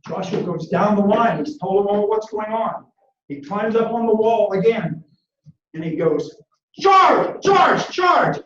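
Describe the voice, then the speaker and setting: A man's voice: high-pitched, normal speed. Male motivational speaker, dramatic storyteller; dull lo-fi, roomy recording. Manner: dramatic, acts out quotes and shouts battle orders. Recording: echoey room, distant mic, dull lo-fi sound.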